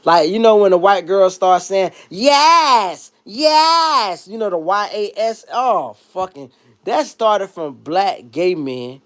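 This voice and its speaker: A man's voice: sits high, measured pace. A man hosting a livestream, talking in a casual, profane and joking rant. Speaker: livestream host.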